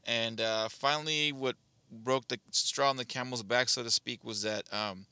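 A man's voice: medium pitch, fairly even intonation, moderate pace, bright, forceful tone, clear, resonant tone, no echo. A man from Southern California co-hosting a podcast, telling a personal story in a laid-back, hesitant way. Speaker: podcast co-host. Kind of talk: casual chat.

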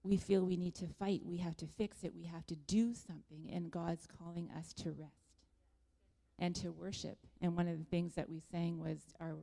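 A woman's voice: on the low side, level tone, moderate pace, gravelly, mellow. A woman sharing a reflective, encouraging testimony at a church gathering. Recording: long reverb of a large room.

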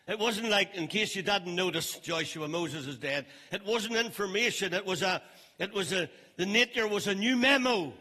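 An older man preaching a sermon as pastor, emphatic and stressing phrases slowly. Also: sits high, pushed and bright. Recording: long reverb of a large hall.

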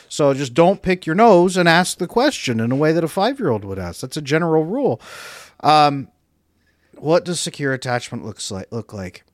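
Brief: male relationship coach, lively delivery, dry close recording. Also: on the high side, dry recording. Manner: animated, acts out example dialogues. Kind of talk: casual interview talk.

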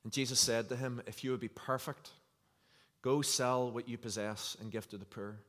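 A man's voice: medium pitch, fairly even intonation, moderate pace, fairly bright tone. Man preaching in a reverberant hall. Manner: earnest, conversational preaching with scripture reading. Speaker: pastor. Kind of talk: sermon. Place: church hall.

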